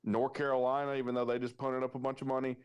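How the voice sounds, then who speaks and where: A man's voice: mid-range voice, completely flat delivery, fast talker, muffled recording, slight background noise. A man hosting a sports podcast, ranting heatedly and swearing freely in casual talk. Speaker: podcast host.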